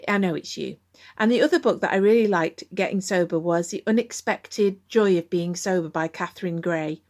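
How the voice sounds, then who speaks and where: A woman's voice: fairly low pitch, moderate pace, darkish tone. A middle-aged woman with a candid, conversational manner, talking to listeners as the host of a recovery podcast. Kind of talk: podcast monologue.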